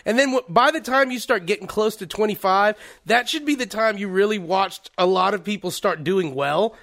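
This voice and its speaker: A man's voice: high voice, moderate pace, vocal fry, a bit bright. A man co-hosting a casual talk show, telling crude, laughing stories about his youth. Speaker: podcast co-host. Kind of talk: casual storytelling chat.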